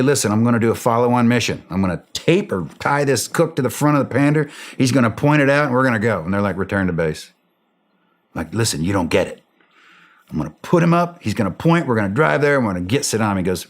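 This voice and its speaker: A man telling a war story as an interview guest, acting out the dialogue and laughing as he goes. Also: lowish voice. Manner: animated, acts out quoted dialogue, laughs while telling. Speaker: interview guest, former special operator. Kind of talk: casual storytelling.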